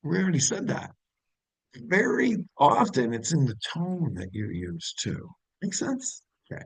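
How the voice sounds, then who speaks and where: Guy teaching sales, gravelly kinda husky voice, punchy and keeps asking if it makes sense. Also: mid-range voice, very animated, normal speed, low-quality recording. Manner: emphatic, varies tone, asks "make sense?". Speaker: sales trainer. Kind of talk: sales training lesson.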